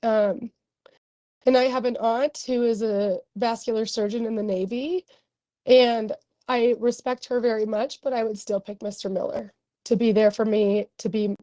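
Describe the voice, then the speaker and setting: A young woman doctor giving earnest, emotional testimony at a hearing, with many pauses and ums. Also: fairly high pitch, fairly even intonation, dark tone, no echo, muffled recording.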